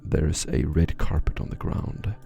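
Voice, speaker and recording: Deep gravelly game master narrating. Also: male voice, fairly even intonation. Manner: measured descriptive narration with frequent soft, near-whispered asides.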